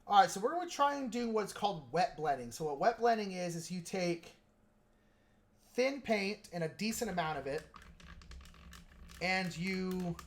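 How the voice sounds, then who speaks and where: A man's voice: high-pitched, slight background noise. A man hosting a casual livestream, talking in a rambling, joking way with plenty of filler words. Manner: joking, self-mocking. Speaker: livestream host painting miniatures.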